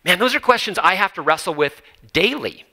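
A man's voice: sits high, animated, fairly quick, pushed and bright, poor audio. A male pastor preaching a sermon in an earnest, emphatic way, building lists and asking rhetorical questions. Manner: repeats words and phrases for emphasis.

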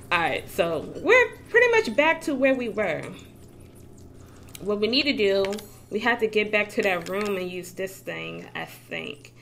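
Woman, game streamer, chatty, curses a lot, laughs often, mid pitch. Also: big pitch swings, slow, vocal fry, pauses often, fairly bright tone, slight background noise. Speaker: gaming streamer. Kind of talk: casual live-stream chat. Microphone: desk mic with facecam.

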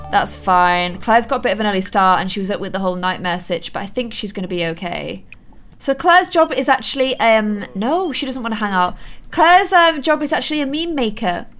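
A young woman commentating a life-simulation game for her viewers, gushing and gasping often as she plays. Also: fairly high pitch. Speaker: gaming channel host. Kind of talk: let's play commentary.

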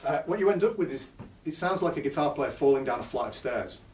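A man's voice: mid-range voice, animated, fast talker, recorded from a distance, over a noisy crowd. Man teaching guitar in an echoey shop. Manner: chatty, self-deprecating explaining. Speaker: guitar clinician. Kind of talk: live demonstration lesson. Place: music store, in front of a live audience. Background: guitar playing between phrases.

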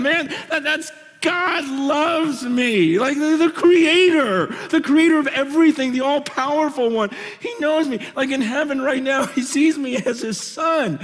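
Animated man preaching in a hall. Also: very high-pitched, a little slow, few pauses. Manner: animated, storytelling with repeated restarts and laughter. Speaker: conference speaker. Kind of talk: conference sermon, personal stories. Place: large conference hall stage. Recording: hall reverb from a large venue.

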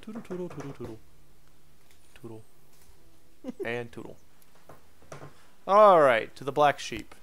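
A man's voice: medium pitch, big pitch swings, unhurried, long pauses, fairly bright tone. A man playing a video game and chatting playfully between lines, in a giggly, silly way. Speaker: gameplay commentator. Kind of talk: playful let's-play chatter.

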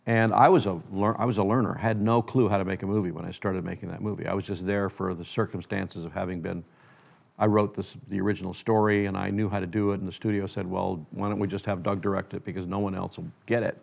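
A man's voice: sits low, little pitch movement, fast, gravelly, highs cut off. An older man, a filmmaker, telling stories in a reflective interview, often quoting others in his anecdotes.

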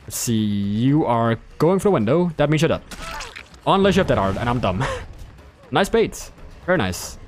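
Animated, joking male game streamer. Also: medium pitch, moderate pace, long pauses, slight background noise. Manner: playful, joking, self-amused. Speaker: gameplay streamer. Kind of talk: live game commentary.

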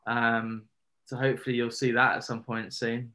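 A man, an actor, chatting as a guest over a video call in a relaxed, rambling way with many fillers. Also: medium pitch, moderate pace. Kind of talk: casual interview chat.

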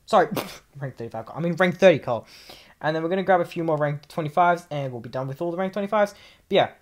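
An Australian man with a slightly high voice speaks quickly and animatedly. He's a gaming YouTuber giving casual commentary, ranting in exasperation, repeating himself and tripping over his words.

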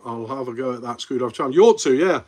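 A man with a Midlands accent and a slightly husky, mid-range voice with a darkish tone streams casually, speaking fast and expressively. He jumps between topics and reads comments aloud before replying, calling his viewers mate in friendly banter.

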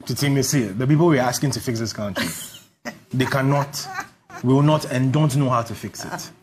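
A man's voice: mid-range voice, moderate pace, background noise. A man with a Ghanaian accent giving heated political commentary, indignant and emphatic, repeating himself for stress. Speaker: host.

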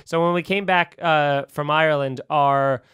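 A man hosting a comedy podcast, telling a long rambling story in casual chat and acting out his own shouts and quotes. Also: fairly high pitch, measured pace, smooth. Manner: rambling, animated, acts out quotes with yelps.

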